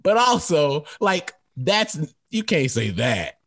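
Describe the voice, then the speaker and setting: A man tells sports stories animatedly, laughing between lines, with his pitch bouncing widely. His voice is mid-range for a man. The recording is dry and close, with little room sound. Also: slow pace, husky, no room sound. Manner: animated storyteller, laughs often. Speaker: sports talk co-host. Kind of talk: casual sports chat.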